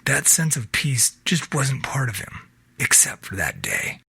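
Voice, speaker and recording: Husky-voiced man narrating a story. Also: mid-range voice, huge pitch swings, unhurried, sharp tone, no room sound, studio quality. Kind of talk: scripted audiobook narration.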